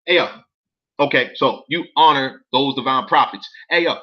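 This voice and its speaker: A man's voice: mid-range voice, moderate pace, dull audio. A man reading documents aloud in casual commentary to viewers, incredulous and profane, often stopping to ask them questions.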